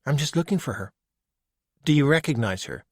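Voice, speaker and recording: A man's voice: a little high, animated, fairly quick, no room sound, clean studio sound, voice pushed up. A man voicing a spirited teenage Irish girl detective, insistent and wry. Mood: irritated.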